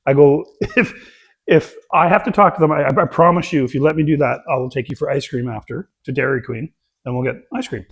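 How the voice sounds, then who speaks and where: A middle-aged man co-hosting a relaxed podcast, voice sitting a little high for a man. He spins family anecdotes with plenty of "uh" and "right?" and gets animated as the story builds. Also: fairly quick, slightly rough. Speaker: podcast co-host. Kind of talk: casual chat, storytelling.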